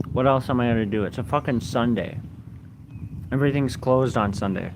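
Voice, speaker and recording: A young man streams from a lakeside park on his phone and reads chat aloud in a flat, mumbled monotone. He turns defensive at times. The recording is noisy, with outdoor ambience, traffic and animals behind him. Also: medium pitch, moderate pace. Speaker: live streamer. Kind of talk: casual live stream, reading chat aloud.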